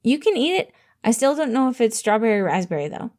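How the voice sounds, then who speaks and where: A woman's voice: a little high, big pitch swings, quick pace, darkish tone. A woman voicing a cheerful, earnest little orphan boy with an eager, innocent way of talking.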